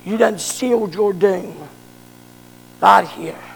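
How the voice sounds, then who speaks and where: A man voicing a stern prophet who pronounces doom in a low, grave, quiet tone. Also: takes it slowly, creaky, breathy edge, long reverb tail, exaggerated voice, poor audio.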